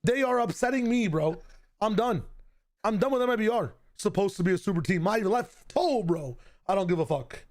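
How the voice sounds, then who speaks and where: A man streaming with a hoarse, worn-out voice, ranting with emphasis and profanity while watching esports. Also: high voice, animated, moderate pace, a little mellow. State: hoarse, voice gone. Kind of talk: casual stream commentary.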